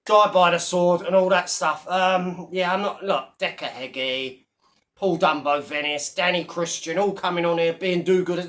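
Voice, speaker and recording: A man's voice: high voice, fairly even intonation, moderate pace, fairly bright tone. A man vlogging with a blunt, mocking manner, a little out of breath after a workout, calling his viewer "mate". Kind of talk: casual talking-to-camera rant.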